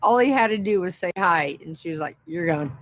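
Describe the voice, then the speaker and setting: A woman's voice: mid-range voice, animated, a little fast, poor audio. A woman hosting a casual livestream, swearing freely and laughing helplessly between lines. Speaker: livestream host. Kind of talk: casual live-stream chat.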